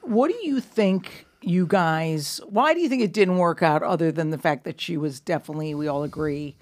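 A man's voice: a little high, moderate pace. A man co-hosting a comedy podcast, teasing and mocking his friend in casual banter. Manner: teasing, mocking, bursts into loud laughing. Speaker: podcast co-host.

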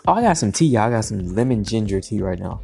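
A woman's voice: rumbling low, animated, fast talker, creaky, warm tone, husky. A woman giving a loose, profane, playful tarot reading to her viewers in a casual vlog. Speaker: tarot reader. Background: music playing.

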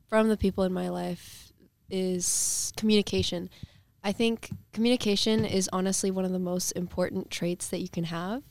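A teenage girl, a club member, sharing earnestly with some fillers. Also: mid-range voice. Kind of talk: casual chat.

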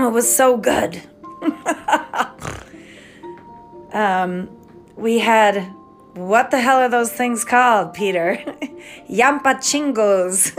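A woman at home giving a giggly, excitable, rambling late-night monologue that jumps from one thought to the next. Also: mid-range voice. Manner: giggly, excitable, stream-of-consciousness. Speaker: podcaster.

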